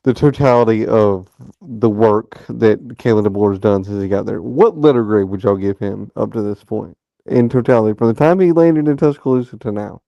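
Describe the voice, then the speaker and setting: Gravelly man hosting a sports call-in. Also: on the low side, dry recording, dull audio. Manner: drawn-out, stammering opinion talk. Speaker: host of a fan call-in show. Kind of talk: casual sports talk.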